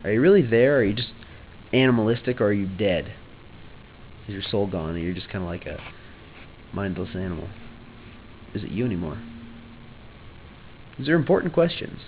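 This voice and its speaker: A man's voice: lowish voice, animated, a little fast, long pauses, phone-quality sound, a little hiss or hum. A young man vlogging casually, joking offhand, trailing off and restarting his thoughts. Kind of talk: rambling casual vlog.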